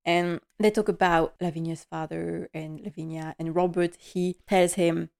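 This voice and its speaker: Woman with a slightly low voice, chatty and gushing, for a casual TV recap. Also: fairly even intonation, moderate pace, creaky, a little mellow, smooth. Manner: chatty and gushing, with frequent laughs. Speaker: TV recap vlogger.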